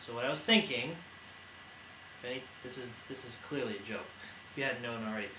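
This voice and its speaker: A man's voice: mid-range voice, fast talker. A young man co-hosting a casual sports chat, rambling and laughing as he ad-libs jokes. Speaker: co-host. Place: indoor room. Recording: echoey room with noise.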